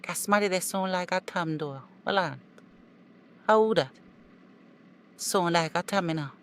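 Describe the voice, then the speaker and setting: A woman voicing an eager, emotional young Jamaican woman who pleads and gushes her thanks in an animated cartoon. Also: lowish voice, moderate pace. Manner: pleading, repeats the name over and over.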